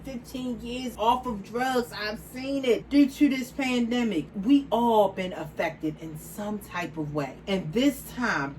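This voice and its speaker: A woman's voice: mid-range voice, slight background noise, rough recording. Outspoken woman in her forties. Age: 40s. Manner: outspoken, emphatic, repeats phrases for stress. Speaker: vlogger. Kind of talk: casual to-camera vlog.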